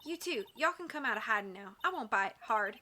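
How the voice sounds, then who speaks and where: A woman's voice: on the high side, expressive, a little fast, sharp tone, slight background noise. A woman voicing a brash Southern woman photographer in a video game, with a put-on Southern drawl and a feisty, folksy way of talking. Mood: friendly. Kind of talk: video game voice-over reading.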